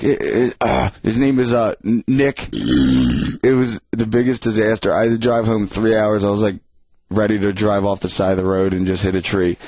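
A man's voice: lowish voice, a little mellow, no echo. A young man telling rambling, profanity-laced stories in a casual chat.

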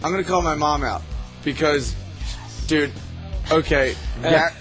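A man's voice: a little high, a little slow, fairly bright tone. Rambling, foul-mouthed man telling stories. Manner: rambling, profane, says "dude" constantly. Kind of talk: casual storytelling chat. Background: music.

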